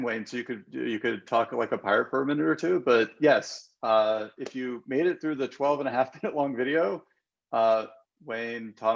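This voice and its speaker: A man hosting a work video-call meeting, speaking in a measured, businesslike way. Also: medium pitch, vocal fry, dull audio. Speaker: meeting host.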